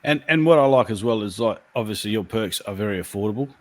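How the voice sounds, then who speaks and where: A man's voice: on the low side, animated, quick pace. A man from Australia, hosting a casual live video chat and asking chatty questions. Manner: chatty, asks questions with filler restarts. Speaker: live show host.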